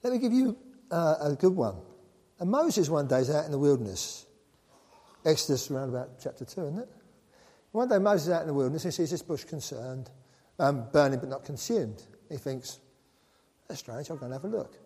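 Man, preacher, husky, dark mellow tone, long hall reverb. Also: on the high side, moderate pace. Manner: animated, joking with the congregation. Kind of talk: sermon.

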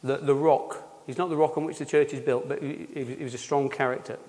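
A man giving an informal sermon, halting, with many fillers and restarts. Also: mid-range voice, fairly even intonation, darkish tone. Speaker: preacher. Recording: long reverb of a hall.

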